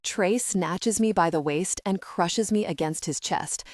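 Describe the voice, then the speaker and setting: Woman reading a romance audiobook, low-ish voice, dry close mic, calm and intimate. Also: a little slow, no room sound. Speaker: audiobook narrator. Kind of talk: first-person romance narration.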